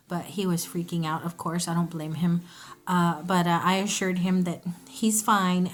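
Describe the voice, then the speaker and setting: A woman talks casually to her viewers as she shows a shopping haul. She rambles, goes off on side stories and corrects herself mid-sentence, with a relaxed, homey way of talking. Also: on the low side. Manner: chatty, rambling, self-interrupting. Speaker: vlogger. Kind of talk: casual haul video chat.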